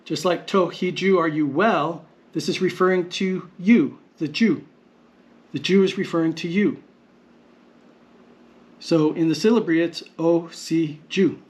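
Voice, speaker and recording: A man teaching vocabulary in a patient, explanatory lesson, repeating words slowly and deliberately. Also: fairly high pitch. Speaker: language teacher. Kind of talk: slow explanatory lesson narration.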